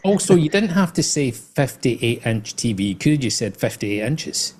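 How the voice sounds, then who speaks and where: Man, podcast host, casual banter, teasing, crude jokes, mid-pitched voice. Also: very animated, normal speed, darkish tone, a little hiss or hum.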